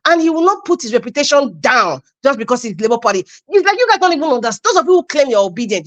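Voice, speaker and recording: A Nigerian woman speaking in a high voice at an online debate. She argues with emphatic scorn and restarts her sentences as she pushes her point. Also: very animated, fast talker, hardly any pauses, a bit bright. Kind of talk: impassioned political argument.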